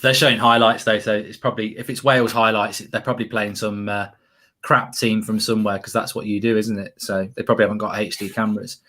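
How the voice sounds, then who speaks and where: A man's voice: lowish voice, level tone, quick pace, bright, forceful tone. A man hosting a casual football watchalong, chatty and jokey, rambling and reading out live chat comments. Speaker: host.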